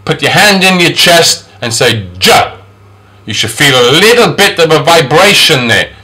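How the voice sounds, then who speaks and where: Unhurried and expressive with a sharp tone, a man teaches English phonics by sounding out each sound. He repeats the example words several times, and his pitch rises sharply on the model words.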